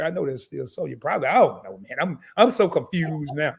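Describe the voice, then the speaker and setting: A hoarse man hosting a live interview stream, joking around in a loud, slangy, animated way. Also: a little high, fairly quick, hardly any pauses. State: hoarse from laryngitis. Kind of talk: casual live-stream chat.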